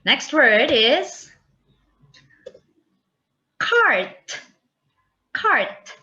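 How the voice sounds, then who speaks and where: A woman teacher giving a slow, drawn-out vocabulary lesson for young children and spelling words aloud letter by letter. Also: mid-range voice, very animated, pushed and bright, dull audio.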